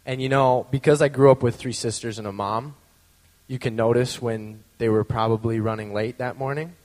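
A man's voice: mid-range voice, fairly even intonation, normal speed, darkish tone, big-room sound. A man telling a personal story in a casual, conversational way, full of fillers and acted-out quotes. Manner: acts out quoted voices.

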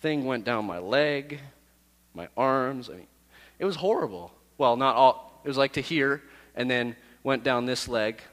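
A man who is a youth pastor, telling a personal story to his youth group in a lively, self-deprecating way. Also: mid-range voice, unhurried, big-room sound.

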